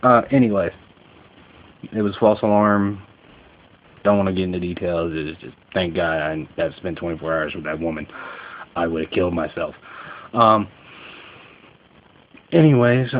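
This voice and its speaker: Low-voiced young man, tinny lo-fi recording. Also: slight background noise. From Kentucky, USA. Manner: joking, self-deprecating, with many fillers. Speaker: vlogger. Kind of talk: casual rambling monologue. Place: lying in bed at night.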